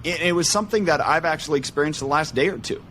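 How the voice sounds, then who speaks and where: A man's voice: fairly high pitch, fast talker, fairly bright tone, slight background noise. A man hosting a podcast interview, talking in an earnest, reflective and hesitant way. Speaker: podcast host. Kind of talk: conversational interview.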